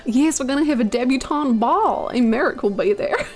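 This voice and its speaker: A woman's voice: high voice, lively intonation, normal speed, darkish tone, faint music behind. A woman voicing a sweet, overeager noblewoman in a put-on Southern drawl, syrupy and hospitable. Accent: put-on American Southern.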